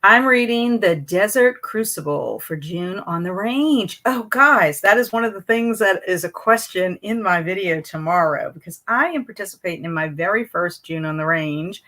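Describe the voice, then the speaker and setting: A woman's voice: lowish voice, animated, moderate pace, few pauses, a bit bright. A woman hosting a casual reading live stream from home, greeting viewers and reading chat messages aloud in a chatty, rambling way.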